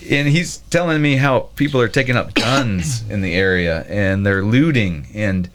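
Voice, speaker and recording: A man, a guest on a podcast, telling a personal story in a halting, casual way. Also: on the low side, a bit bright. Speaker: guest, brewery owner.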